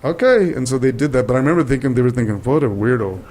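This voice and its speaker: An older man, a guest actor, telling lively anecdotes in an interview and acting out the people in them. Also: mid-range voice, very fast. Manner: animated storyteller acting out quoted voices. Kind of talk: interview storytelling.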